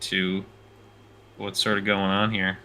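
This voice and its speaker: A man co-hosting a TV reaction show, talking in a halting way with many fillers and frequent laughter. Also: deep voice, monotone, sharp tone, slight background noise. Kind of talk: casual chat, reaction commentary.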